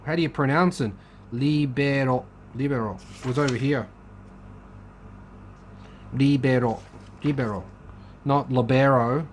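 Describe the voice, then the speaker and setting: Man, casual car chat, joking asides, slow delivery, faint background hiss. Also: on the high side. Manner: musing aloud, joking, chatty. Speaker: car channel host. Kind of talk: casual chat flipping through a magazine.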